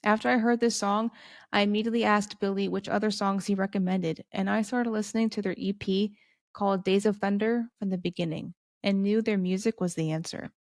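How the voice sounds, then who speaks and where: A woman in her thirties talks earnestly and from the heart in a personal podcast monologue, breaking into playful asides. Her voice sits at a middle pitch. The recording is close and dry, with no room sound. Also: fairly even intonation, a little fast, a little mellow, dry recording. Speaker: podcast host.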